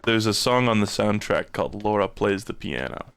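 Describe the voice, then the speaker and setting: A man streaming a horror game, joking, swearing and reacting with lively excitement. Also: fairly low pitch, moderate pace, clean tone. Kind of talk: casual live game commentary. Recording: game music playing behind. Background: game soundtrack music.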